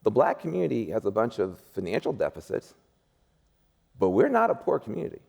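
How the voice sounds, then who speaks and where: As a guest on a panel discussion, this American man sounds like a preacher, rousing and emphatic, hammering his points through repetition. His lowish, slightly mellow voice has vocal fry and swings hugely in pitch, and he speaks a little fast.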